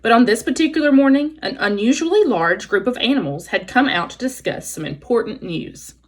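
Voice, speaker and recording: An expressive woman teacher reading a children's novel aloud, with a lively pitch that swoops up and down. Her voice sits fairly high and is breathy and husky. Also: brisk. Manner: expressive, explanatory asides.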